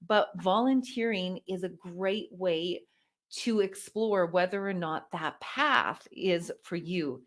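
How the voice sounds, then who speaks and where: Middle-aged Canadian woman, keynote speaker; slightly low voice, polished broadcaster polish with lively storytelling emphasis. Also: slow. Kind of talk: motivational keynote speech.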